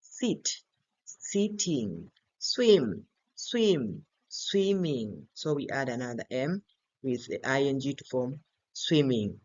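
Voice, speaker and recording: Slow, deliberate male English teacher. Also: medium pitch, big pitch swings, darkish tone. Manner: slow and deliberate, repeats words many times to model stress. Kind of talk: grammar and pronunciation lesson. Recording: slightly dull lo-fi recording.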